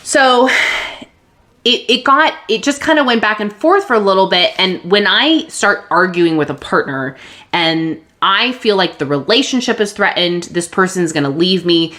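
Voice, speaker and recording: A woman podcast host candidly telling a personal story, open and emotional, with restarts and soft laughs. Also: mid-range voice, expressive, normal speed.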